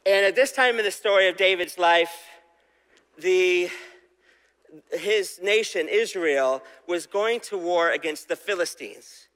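A man's voice: sits high, a little slow, fairly bright tone, clear, resonant tone. Man preaching casually in an echoing hall. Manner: conversational, asks the audience questions, acts out quoted voices. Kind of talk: casual sermon storytelling.

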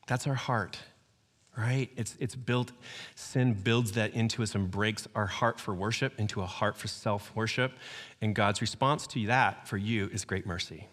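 A middle-aged man preaching a sermon in a lively, conversational storytelling way, often acting out voices. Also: on the low side, unhurried. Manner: animated, acts out quoted voices, conversational storytelling. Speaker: pastor. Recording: hall reverb.

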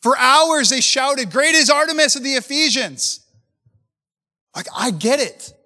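A man's voice: extremely high pitch, animated, a little slow, sharp tone, big-room sound. A man preaching to church leaders with passion, talking in a conversational way and asking many rhetorical questions. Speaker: pastor.

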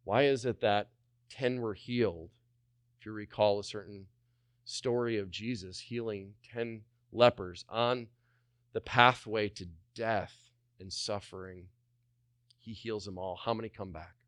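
A man's voice: lowish voice, a little slow, no room sound, clean studio sound. A male pastor preaching a sermon with energy, repeating phrases and voicing the people he quotes. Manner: energetic, repetitive, voices the speakers he quotes.

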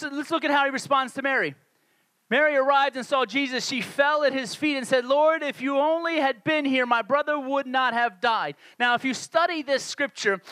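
A man's voice: very high-pitched, bright, forceful tone, dry recording. A male pastor preaching a conversational sermon, acting out the voices of the people he quotes.

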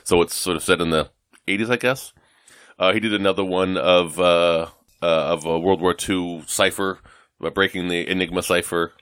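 A man's voice: sits low, steady tone, normal speed, a bit bright, smooth, no echo, clean studio sound. A man from the United States co-hosting a casual chat, rambling and self-deprecating with many fillers and restarts. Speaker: podcast co-host.

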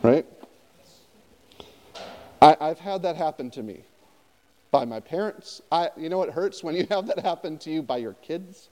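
High-voiced man preaching a conversational sermon. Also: a little slow, long pauses, big-room sound. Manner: conversational, animated, asks the audience often. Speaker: pastor.

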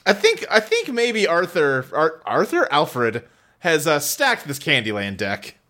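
A man's voice: on the high side, wildly swooping pitch, a little slow, sharp tone. A man co-hosting a casual comedy podcast, recounting a cartoon's plot with jokes and frequent laughs. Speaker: podcast co-host. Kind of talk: casual comedic recap chat.

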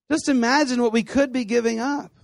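A man teaching a class on the Bible, telling stories with animated voices and frequent laughs. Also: extremely high pitch, vocal fry, no room sound, studio quality. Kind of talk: lively teaching talk to students.

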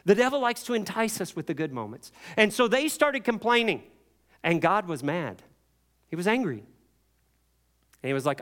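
A man preaching, with a slightly high voice. He tells the story with lots of life, playing the people in it with voices that swing from loud and high to hushed and low. His delivery moves like a storyteller's. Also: a little fast. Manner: animated storytelling, acting out biblical voices. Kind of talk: sermon.

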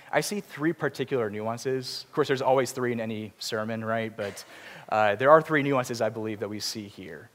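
A man preaching in a church, his voice trailing off into a long hall reverb. He explains things earnestly and slips in self-deprecating asides. His pitch sits in an ordinary middle range. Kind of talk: sermon. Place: church sanctuary.

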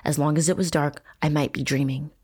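Woman with a really low voice doing a true crime podcast, swears a lot, acts out the quotes. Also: fairly even intonation, brisk, slightly rough. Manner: profane, reads excerpts with dramatic shouting. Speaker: podcast host. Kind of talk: true crime narration, reading book excerpts aloud.

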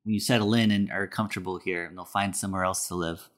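A man's voice: low-pitched, steady tone, fast talker, pitched below the performer's own voice, lightly acted. A man voicing a kindly old woman neighbor in a casual retelling, in his own everyday voice. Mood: reassuring.

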